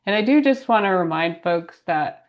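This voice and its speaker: A woman's voice: fairly low pitch, expressive, normal speed, lo-fi sound. A woman with a groggy voice, feeling ill, giving a planning update to a town meeting over a remote call. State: groggy voice from illness. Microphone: video call.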